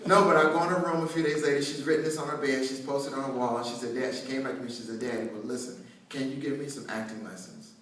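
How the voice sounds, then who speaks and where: A man's voice: medium pitch, fairly even intonation, quick pace, few pauses, fairly bright tone. A man from North Carolina giving an inspirational speech to students, joking and conversational, with frequent restarts. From North Carolina, USA. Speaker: motivational speaker addressing students. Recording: very echoey hall, heard from a distance.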